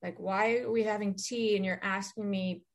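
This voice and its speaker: A woman in her forties, a podcast guest chatting casually and telling rambling, animated stories with many restarts. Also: mid-range voice, normal speed. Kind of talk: casual chat.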